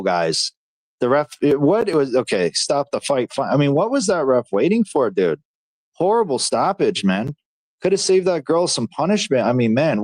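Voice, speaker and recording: Excitable man reacting to fights live. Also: mid-range voice, no echo. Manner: excitable, slangy, talks to chat as dude and bro. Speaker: livestream host.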